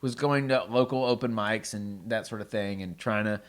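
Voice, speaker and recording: Male comedian guest, casual animated storyteller, rambling delivery. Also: lowish voice, moderate pace. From Los Angeles. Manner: rambling, animated, acts out quotes.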